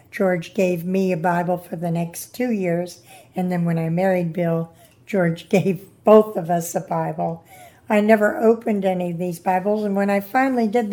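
A woman's voice: on the low side, dark tone. An older woman recounting her conversion story in an interview, earnestly quoting what others said. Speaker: guest giving testimony. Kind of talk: personal testimony interview.

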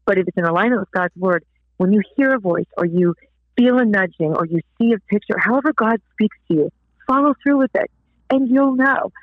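A woman guest telling a faith story in an interview, animated, acting out the people she quotes. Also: mid-range voice, fairly quick, dry recording. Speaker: guest author. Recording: tinny phone line.

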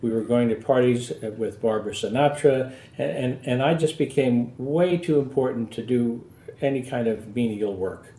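Man, interview guest, mellow tone, reflective, roomy echo. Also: medium pitch. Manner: reflective, halting repetitions. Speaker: guest giving testimony. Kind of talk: personal testimony interview.

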